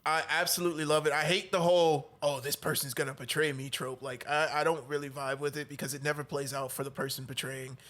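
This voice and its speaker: A young man with a bright, forceful voice, a little high-pitched, chatting casually about anime. He gets excited, laughs a lot, and swears without a second thought. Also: fast talker, few pauses. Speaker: podcast co-host.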